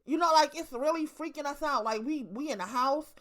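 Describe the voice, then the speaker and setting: Woman, 30s, Baltimore accent, slightly high voice, blunt, profane monologue with lots of repetition. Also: fairly quick, a bit bright. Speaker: online commentator. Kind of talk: casual monologue to camera.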